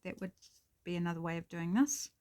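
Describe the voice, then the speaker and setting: A woman's voice: on the low side, brisk, a little mellow. A woman hosting a casual crafting tutorial at her table, thinking aloud and apologizing with self-deprecating chatter as she works. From New Zealand.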